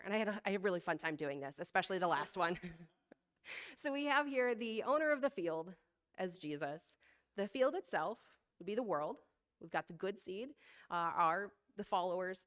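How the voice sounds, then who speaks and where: A woman leading a church service, giving a conversational, self-deprecating sermon with frequent laughs, slowing down when reading scripture aloud. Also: medium pitch, a bit bright. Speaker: service leader.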